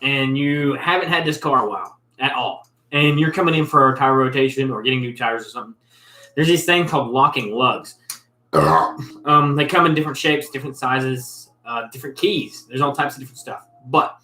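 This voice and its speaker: A man's voice: medium pitch, a little fast, pushed and bright. A man telling a long, exasperated story about a rude customer, rambling and blunt in a casual way. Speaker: show host, car mechanic. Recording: roomy echo.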